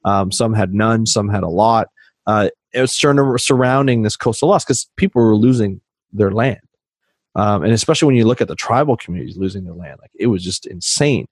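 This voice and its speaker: A man from Canada telling stories in casual conversation as a podcast guest, animated and acting out the dialogue he quotes. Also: lowish voice, brisk, no room sound. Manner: animated storyteller who acts out quoted dialogue. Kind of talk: casual storytelling chat.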